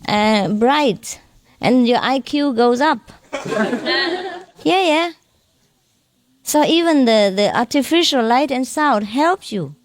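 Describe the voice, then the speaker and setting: A woman spiritual teacher giving an informal lecture, chatty and self-mocking, often ending phrases with a questioning "huh?". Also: high voice. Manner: self-mocking, joking about her broken English.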